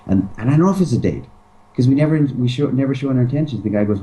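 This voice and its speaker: A man's voice: mid-range voice, lively intonation, fast, mellow, rough recording. A man talking casually as an interview guest, emphatic and acting out pickup lines. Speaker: dating advice guest.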